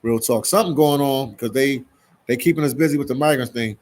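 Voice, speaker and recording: A man's voice: medium pitch, brisk, darkish tone. A man from Philadelphia hosting a casual live stream, reading out viewer comments in a laid-back way and often saying "man". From Philadelphia, USA. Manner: laid-back, keeps tacking "man" onto sentences.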